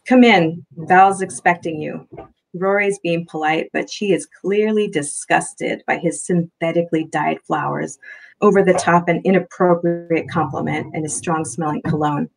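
A woman reads her own novel aloud in first person, soft and steady. Her voice sits low with a gravelly fry at the ends of phrases. The telling is unhurried and even. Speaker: author reading her novel. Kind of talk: first-person book reading.

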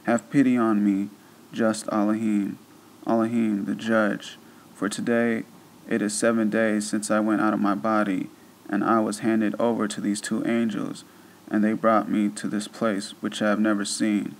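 Male reader as pleading condemned soul, monotone, lowish. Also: normal speed, slight background noise, natural voice, poor audio.

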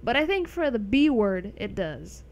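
A woman's voice: a little high, sing-song, moderate pace. A young adult woman streaming a game, chatting casually with viewers, rambling and laughing often. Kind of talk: casual live-stream chat over gameplay.

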